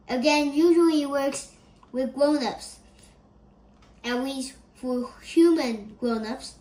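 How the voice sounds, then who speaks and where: A woman reading a children's chapter book aloud in an expressive, gentle storytelling manner. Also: sits high, takes it slowly. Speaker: storybook reader. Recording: echoey room.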